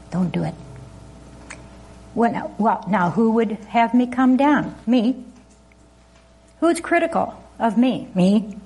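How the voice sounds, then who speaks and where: Woman preacher with a husky, higher voice, chatty and laughing between points. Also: a little mellow. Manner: chatty, laughing often, asking the congregation questions. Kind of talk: informal sermon.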